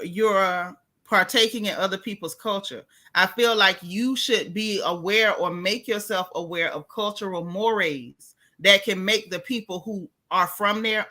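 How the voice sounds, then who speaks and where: An American woman hosts a casual chat about reality TV. Her voice is bright and forward, and she talks in a sassy, emphatic way, often restarting her sentences. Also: medium pitch. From United States. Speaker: host.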